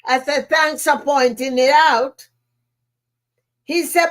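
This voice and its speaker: A woman's voice: high-pitched, steady tone, slow, long pauses. A woman with a Jamaican accent, a podcast host and motivational speaker telling a personal story in an emphatic way, repeating key phrases.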